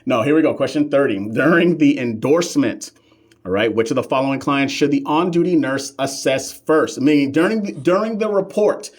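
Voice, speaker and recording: A man's voice: mid-range voice, brisk. A man runs a live-stream lesson on nursing exam questions. He is sassy and playful, answers viewers' comments directly, and leans on slang and emphatic repetition to drive points home. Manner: sassy, playful, talks back to chat.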